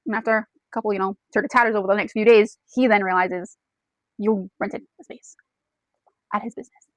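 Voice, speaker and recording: A woman's voice: medium pitch, steady tone, brisk, no room sound, rough recording. A woman retelling a novel's plot to the camera in a casual, chatty way, talking to the listener as "you" and saying "like" often. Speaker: book reviewer.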